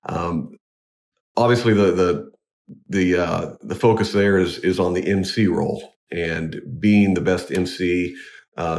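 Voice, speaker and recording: A man, a wedding DJ, talking in a casual interview, halting with many restarts but earnest. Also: low voice, vocal fry, darkish tone. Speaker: wedding DJ and MC, guest.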